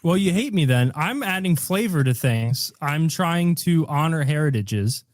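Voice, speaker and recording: A man's voice: fairly high pitch, lively intonation, measured pace. A man hosting a casual podcast chat, joking around and playfully mispronouncing names, with lots of fillers. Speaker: podcast host.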